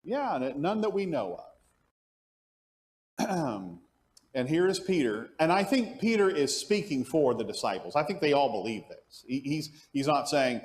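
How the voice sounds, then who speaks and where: A man leads an adult Bible class in a church classroom. His pitch rises and falls with a lively range. He poses questions to the room and answers them himself, and he often stumbles and restarts as he thinks. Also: measured pace. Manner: thinks aloud with frequent restarts. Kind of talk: Sunday morning Bible class teaching.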